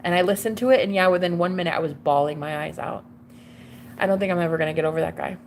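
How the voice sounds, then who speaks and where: A woman's voice: fairly low pitch, quick pace, slight background noise. A young woman talking to camera in a casual, confessional way, gushing and chatty, calling her listener girl and babe. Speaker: tarot reader and vlogger.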